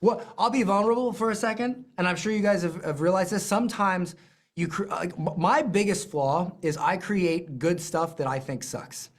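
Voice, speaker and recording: A business coach teaching a live lesson, emphatic and animated, with self-deprecating asides and repeated phrases. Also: mid-range voice, moderate pace.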